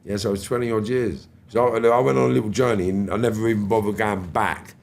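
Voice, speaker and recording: A London man in his fifties, a podcast guest telling stories in animated, slangy street talk and swearing freely. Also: lowish voice, quick pace, vocal fry. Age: 50s. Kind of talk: storytelling interview.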